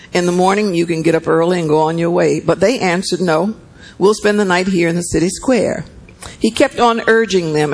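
A man's voice: high-pitched, rough recording. A man preaching a sermon and reading scripture aloud. He talks conversationally, often checks in with his listeners, and repeats words for emphasis.

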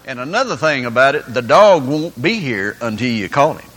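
A man's voice: medium pitch, lively intonation, moderate pace, hardly any pauses, a bit bright, slight background noise, rough recording. A man preaching a sermon, telling folksy stories and acting out the people in them. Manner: folksy storytelling with acted-out voices.

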